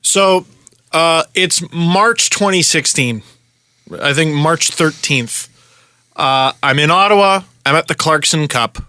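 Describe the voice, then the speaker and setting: A man hosts a casual podcast and talks loosely, full of small fillers. His voice is bright and a touch high. It sounds dry and close to the mic. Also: slow pace, smooth, no room sound. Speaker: podcast host.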